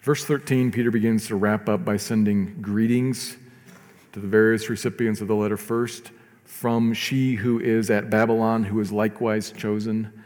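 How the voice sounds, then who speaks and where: A man preaching a sermon as pastor, earnest, rising to emphatic lines and dropping to soft, slow ones. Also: on the low side, big-room sound.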